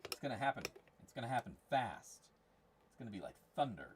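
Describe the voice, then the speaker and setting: A man's voice: medium pitch, sing-song, a little fast, a little hiss or hum. A man hosting a gold prospecting giveaway stream, chatting casually with crude, rambling jokes. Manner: crude, rambling, jokey banter. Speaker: channel host running a giveaway. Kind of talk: casual livestream chat.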